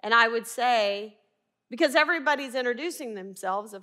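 A middle-aged Arkansas woman with a Southern American twang teaches the Bible earnestly and emphatically, often putting rhetorical questions to her listeners. Her voice is a little high, animated and sharp, moving at a normal speed.

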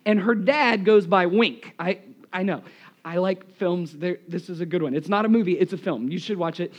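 A man's voice: high voice, moderate pace. A man preaching a sermon in a church, telling funny stories about himself, speaking into a live microphone while losing his voice. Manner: animated, self-deprecating storyteller. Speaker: pastor. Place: church, in front of a congregation.

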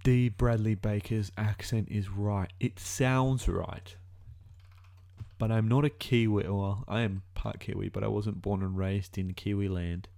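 Man, 20s, Australian accent, fairly low voice, rambling reaction commentary, thinking aloud. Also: vocal fry, a little mellow. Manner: musing aloud, rambling, self-correcting. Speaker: video reactor.

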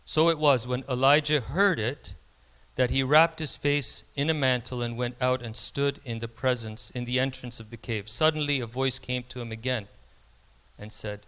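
A man's voice: mid-range voice, brisk, clear, resonant tone. A man preaching a sermon, reading scripture expressively and telling a personal story. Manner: expressive, dramatizing quoted voices.

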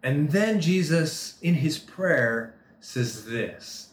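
Guy preaching casually, pitch jumps all over, kinda high, echoey room. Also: lively intonation. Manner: conversational, swings from quick asides to slow dramatic reading. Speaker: pastor. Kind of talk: sermon with scripture reading.

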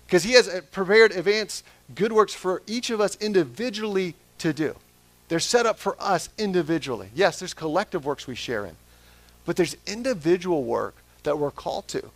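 A man's voice: sits high, animated, moderate pace, no room sound. A man preaching a sermon as pastor, asking the congregation question after question. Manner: asks the congregation repeated questions.

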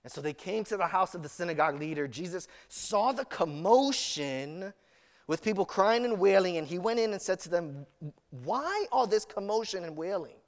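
A man's voice: high voice, lively intonation, normal speed, long reverb tail. A man preaching a sermon as pastor, telling stories earnestly with frequent restarts.

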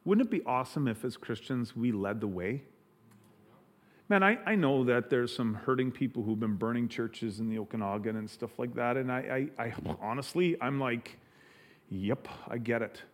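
Earnest halting pastor. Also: male voice, medium pitch. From Canada. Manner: earnest, halting, many restarts. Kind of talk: sermon.

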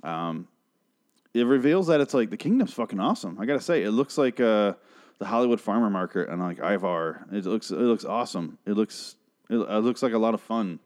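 A man casually recapping a TV episode, swearing freely and acting out characters' lines in quick put-on voices. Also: on the low side, animated, darkish tone.

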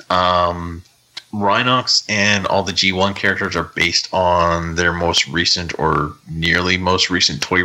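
A Canadian man hosting a podcast, chatting casually and reading out news in a relaxed, rambling way with many fillers. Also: low voice, rough recording. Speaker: podcast host.

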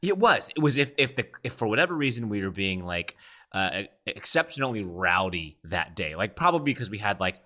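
Lively, bright-voiced man telling stories. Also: on the low side, brisk. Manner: animated storytelling with voices and laughs. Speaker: podcast co-host. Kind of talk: casual chat.

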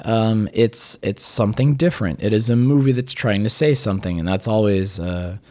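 Male podcast host, hoarse raspy voice, loose rambling chat. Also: fairly low pitch, moderate pace, warm tone. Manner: rambling, restarts often. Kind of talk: casual chat.

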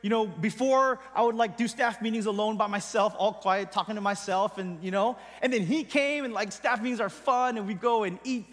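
A male pastor preaching a sermon in a conversational, emphatic way, often dropping his voice quietly at the end of a thought. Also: high voice, a little fast, few pauses, long reverb tail. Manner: conversational, emphatic, trails off quietly at line ends.

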